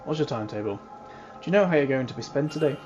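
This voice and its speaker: Brief: relaxed man player, lively inflection, musing questions. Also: mid-range voice, fast. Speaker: tabletop game player. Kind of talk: casual actual-play talk. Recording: dull, slightly lo-fi sound with music.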